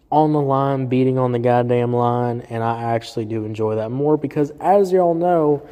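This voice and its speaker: A man's voice: mid-range voice, dark tone. Profane rambling man reviewer. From southern US. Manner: profane, rambling, heavy fillers. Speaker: music reviewer host. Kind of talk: casual solo review chat. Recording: roomy hall reverb.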